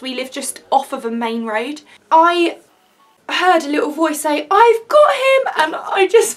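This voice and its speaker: Young woman vlogger, twenties, high voice, chatty and excitable story time. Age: 20s. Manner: chatty, excitable, rambling with fillers.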